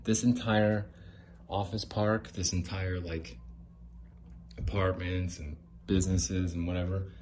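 This middle-aged podcast host from the United States sits low in pitch with a darkish tone, and slight background noise can be heard. He rambles and rants casually, sounding aggrieved and cursing freely, while outdoors near an apartment complex.

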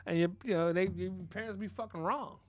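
A man hosting a podcast, telling a crude, animated comic story about his family and peppering it with "you know what I'm saying.". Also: high-pitched, fairly quick, no room sound. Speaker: podcast host.

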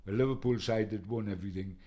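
An older man, telling rambling, animated football stories and mimicking the people he quotes. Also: fairly low pitch, quick pace, muffled recording. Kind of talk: anecdotal storytelling.

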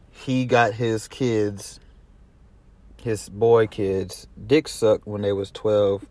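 A commentary vlogger from Atlanta speaks with a Southern accent in a lowish, darkish voice. He rambles casually, curses, keeps restarting, and laughs easily.

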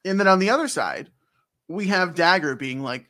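A man's voice: sits high, lively intonation, normal speed, pushed and bright. A young man who co-hosts a casual podcast, rambling and joking with frequent laughs. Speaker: podcast co-host recapping a game. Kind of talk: casual chat.

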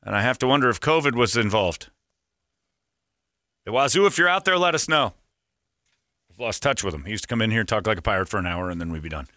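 A man's voice: lowish voice, lively intonation, quick pace, long pauses, bright, forceful tone, dry recording, clean studio sound. A man hosting a morning radio show, joking sarcastically with his co-host and reading sponsor plugs. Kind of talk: casual morning radio banter. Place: radio studio.

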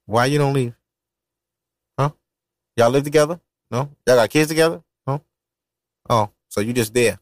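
A man's voice: mid-range voice, normal speed, pauses often, slight background noise. A man hosting a podcast, chatting casually and swearing often as he jokes and rants between hip-hop records. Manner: animated, profane, ranting and joking. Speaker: podcast host. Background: hip-hop music playing.

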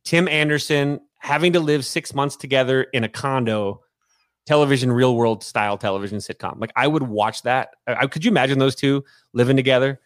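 Fast-talking joking man. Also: mid-range voice, dry recording. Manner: joking, profane, riffing. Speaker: podcast co-host. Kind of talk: casual sports chat.

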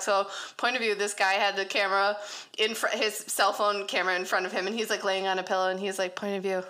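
A woman co-hosting a podcast, chatting casually in an animated way and laughing often. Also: mid-range voice. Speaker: podcast co-host. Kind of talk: casual chat.

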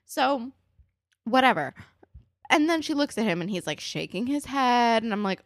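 A woman's voice: on the high side, animated, moderate pace, dry recording, clean studio sound. A young woman co-hosting a casual recap podcast, blunt and profane, slipping into exasperated character voices. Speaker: podcast co-host.

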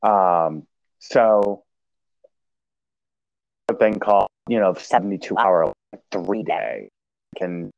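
Gravelly low-voiced man, halting storyteller. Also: a little mellow, dry recording, lo-fi sound. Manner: halting, many restarts and fillers. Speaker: podcast guest sharing recovery story. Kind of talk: casual conversational storytelling.

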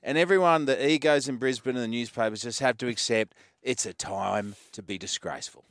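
A man's voice: mid-range voice, fairly quick, no room sound, studio quality. A man chatting casually as a sports radio panelist, joking and ranting with energy. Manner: joking, animated rants. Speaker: radio panelist, ex-player turned actor.

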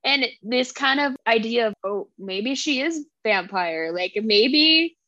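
A young woman with a high voice retells scenes from a book with lively energy and frequent laughter. Her voice comes through a dry, slightly muffled recording. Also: takes it slowly, dry recording. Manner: animated, acts out scenes, laughs a lot. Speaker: podcast co-host. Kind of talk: casual book chat.

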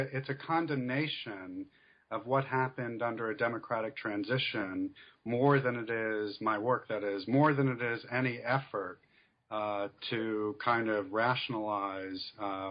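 A man being interviewed as an author, who explains things in a measured way with many fillers. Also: lowish voice, muffled recording. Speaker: author and scholar guest. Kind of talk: academic interview.

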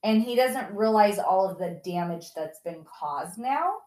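A woman's voice: mid-range voice, animated, a little slow, a little mellow, roomy sound. A woman in her forties, a mother candidly telling a family story in casual chat, full of "like" fillers. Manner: candid, emotional, many "like" fillers.

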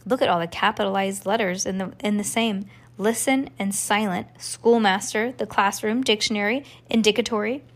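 A woman's voice: medium pitch, fairly even intonation, moderate pace, few pauses, close to an everyday voice. A woman reading a storybook aloud, voicing a nerdy know-it-all young schoolboy who talks eagerly and lectures.

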